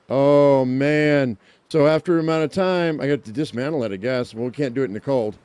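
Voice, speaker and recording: A man's voice: mid-range voice, fairly quick, a little mellow, smooth, no room sound. A man casually commenting on his own survival gameplay, chatting to himself and his viewers with jokey exclamations. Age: adult, owns a dog. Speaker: let's play gamer.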